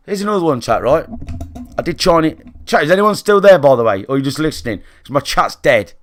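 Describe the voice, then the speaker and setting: A British man streams games live and tells his chat a candid tale in a blunt, conversational style full of swearing, regularly checking in with the audience. He has a mid-range voice and there's no echo.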